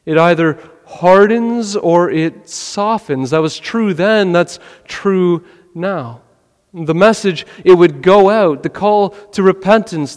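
A man preaching a sermon in an earnest way, asking questions and often dropping his voice low. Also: in a large hall. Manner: earnest, rhetorical questions, drops to a quiet voice. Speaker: pastor.

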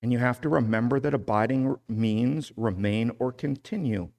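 A man preaching a sermon, deliberate and measured, rising in force when he reads scripture aloud. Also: mid-range voice, a little mellow. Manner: slow, deliberate preaching with emphatic rises when reading scripture. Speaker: pastor.

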